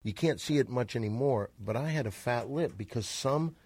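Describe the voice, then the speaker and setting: A man's voice: mid-range voice, normal speed, a little mellow, husky. A man co-hosting a comedy podcast, bantering bluntly with profane, mock-indignant jabs. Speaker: podcast co-host.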